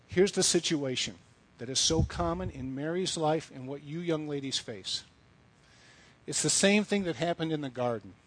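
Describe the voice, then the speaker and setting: A middle-aged man preaching to a room of young women, his voice sitting a little higher than most men's. He talks in a loose, conversational way, leans on stories and drops blunt asides as he goes. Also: normal speed, a little hiss or hum, poor audio. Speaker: speaker addressing young women. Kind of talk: sermon with storytelling.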